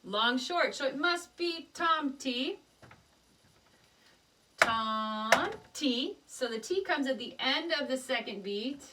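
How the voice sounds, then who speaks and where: A woman's voice: high voice, lively intonation, takes it slowly, pushed and bright, far from the mic, a little hiss or hum. A woman teaching a children's music lesson, patiently explaining rhythms step by step and chanting rhythm syllables.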